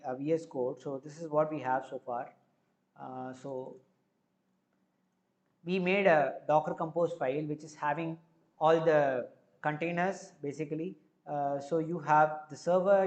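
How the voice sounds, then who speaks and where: A man with an Indian accent, hosting a live coding stream, who explains each step as he goes and fills pauses with frequent filler words. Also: on the high side, muffled recording.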